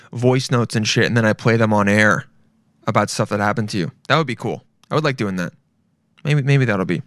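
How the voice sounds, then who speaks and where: A man's voice: mid-range voice, fairly bright tone, no room sound. Twenties male podcast host, loose profane rambler, self-deprecating, dry close mic. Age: 20s. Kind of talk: casual solo podcast rant.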